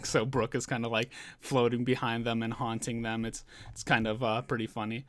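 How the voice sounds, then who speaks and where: A man talks through a manga chapter in a relaxed, rambling way, full of fillers and little chuckles. His voice sits at an ordinary middle pitch. The sound is dry and close, with no room echo. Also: moderate pace. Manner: chatty and loose, with many fillers and chuckles. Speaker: manga reviewer. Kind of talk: casual chapter recap.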